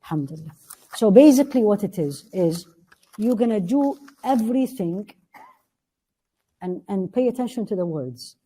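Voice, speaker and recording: A woman's voice: mid-range voice, animated, warm tone, slightly rough. Earnest woman teaching a religious class. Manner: earnest, asks the class questions and answers them; recites Arabic verses quickly.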